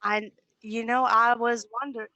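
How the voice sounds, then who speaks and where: Woman player, mid-pitched, chatty and rambling in character, very dry close sound. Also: little pitch movement, a little slow, pushed and bright, no echo, dull audio. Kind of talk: in-character tabletop game chat.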